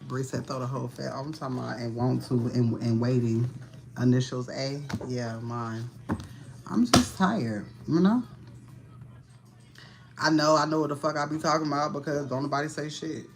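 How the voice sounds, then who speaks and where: A woman's voice: rumbling low, normal speed, noisy background. A woman giving a casual livestream tarot reading, talking in a blunt, profane, slangy way and sounding tired and annoyed. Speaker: tarot reader.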